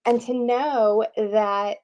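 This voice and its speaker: A woman in her fifties hosting a casual spiritual talk show, playful and animated, with many "you know"s. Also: a little high, very slow. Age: 50s. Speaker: host. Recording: dull lo-fi audio.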